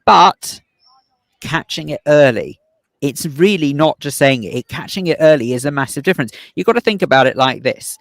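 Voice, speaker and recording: A man's voice: a little high, expressive, normal speed, gravelly, no room sound. Rambling male radio co-host. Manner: rambling, laughs at himself. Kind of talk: casual radio banter.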